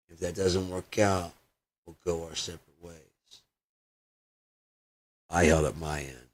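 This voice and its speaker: A man delivering a profane, ranting personal video monologue that swings between loud outbursts and low muttering. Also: steady tone, a little slow, long pauses. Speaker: video blogger.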